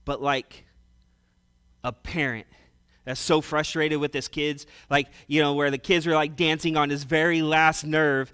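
Male pastor, sermon delivery, high and bright, conversational swings between loud and hushed. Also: a little slow, clean tone.

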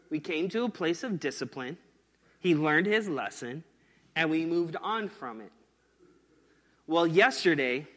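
A man's voice: high-pitched, sharp tone, in a large hall. A man in his thirties preaching a sermon in an earnest, conversational way, mixing scripture with stories from home. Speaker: pastor.

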